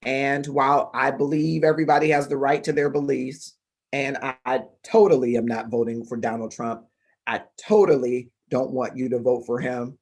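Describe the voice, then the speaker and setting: A middle-aged man from Detroit hosts his own livestream and tells a story straight to the camera. His voice is husky and mid-pitched for a man. He talks deliberately, with fillers and small restarts. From Detroit, Michigan. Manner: conversational, deliberate, with fillers and self-corrections. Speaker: livestream show host. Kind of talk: casual storytelling monologue. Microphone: livestream microphone.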